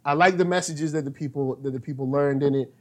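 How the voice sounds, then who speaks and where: Guy with a high voice hosting a movie chat, slangy and joking. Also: fast talker. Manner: laid-back, slangy, joking. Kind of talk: casual movie review chat.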